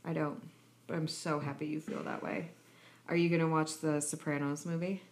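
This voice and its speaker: A woman's voice: sits low, flat delivery, moderate pace. A woman in her thirties co-hosting a podcast, chatting casually and teasing her friend. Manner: joking, teasing. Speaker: podcast co-host. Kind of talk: casual chat.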